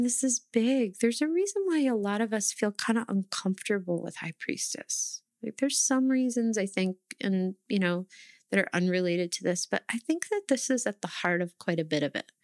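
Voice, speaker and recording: A woman's voice: medium pitch, animated, moderate pace, darkish tone, dry recording. A woman teaching about tarot in a casual, earnest talk, emphatic at times and swearing freely.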